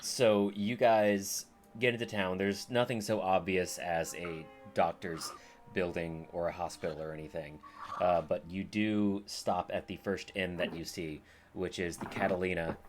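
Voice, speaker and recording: A man narrating a tabletop game as game master, relaxed and joking, with plenty of ums and uhs. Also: sits low, a little slow, over music. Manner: relaxed, joking, with many fillers.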